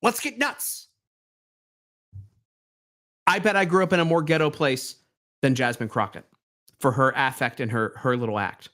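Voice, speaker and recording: A middle-aged man hosting a reaction commentary show, sarcastic and mocking, dropping to mutters and then bursting out loud. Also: mid-range voice, a little fast. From Southwest Baltimore, US.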